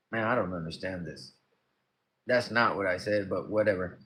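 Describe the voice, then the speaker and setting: A man's voice: lowish voice, animated, normal speed, a bit bright. A man livestreaming, reading a report aloud and breaking in with profane, combative comments of his own. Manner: profane, combative, talks over the text he reads.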